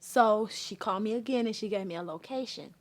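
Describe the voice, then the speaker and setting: Earnest woman giving a halting testimony. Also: mid-range voice. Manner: earnest, halting, with many pauses and fillers; acts out remembered conversations with a raised voice. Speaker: guest sharing her testimony. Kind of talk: personal testimony.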